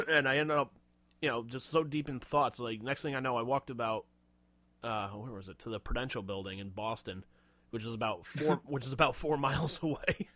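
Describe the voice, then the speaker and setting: A man's voice: medium pitch, moderate pace, fairly bright tone, no echo. A man co-hosting a casual comedy podcast, laughing often and swearing freely as he riffs. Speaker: podcast co-host. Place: Boston area.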